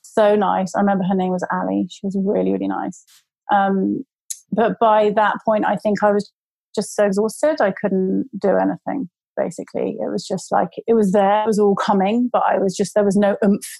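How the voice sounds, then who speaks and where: A woman's voice: mid-range voice, level tone, normal speed, vocal fry, a little mellow, no echo, low-quality recording. A woman casually telling a long personal story, with many fillers and restarts. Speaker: guest telling her birth story.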